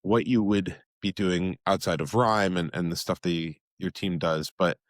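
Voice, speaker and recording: A man's voice: low voice, fairly even intonation, normal speed, no echo. A man hosting a podcast interview, chatting in a friendly, easygoing way. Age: adult with children. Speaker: podcast host. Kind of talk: casual interview talk.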